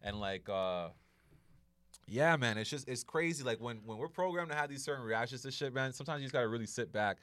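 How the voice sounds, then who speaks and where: A man co-hosting a podcast, rattling off his thoughts at a quick clip. His voice sits at a middle pitch, and he leans heavily on slang and fillers. The recording is close and dry, with no room sound. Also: lively intonation, fairly bright tone, no room sound. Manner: rapid, slangy, filler-heavy talk with lots of "like" and "bro". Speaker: podcast co-host. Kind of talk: casual podcast chat.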